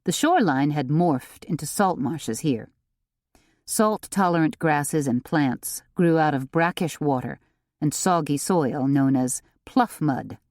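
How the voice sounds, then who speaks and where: A woman narrating a cozy mystery audiobook in an expressive, unhurried reading. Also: deep voice, dry recording, clean studio sound. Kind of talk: scripted narration.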